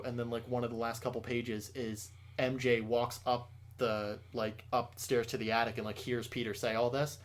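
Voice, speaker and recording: A man co-hosting a casual podcast chat, excitable and swearing a lot, raising his voice when he gets worked up. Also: medium pitch, normal speed. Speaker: podcast co-host.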